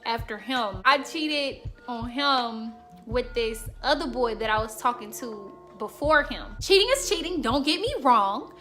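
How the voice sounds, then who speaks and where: Young woman, twenties, bright higher voice, slangy and frank, casual storytime vlog, soft music behind. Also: lively intonation, unhurried, few pauses. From Chicago suburbs. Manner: frank, slangy, talks straight to viewers. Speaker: YouTuber.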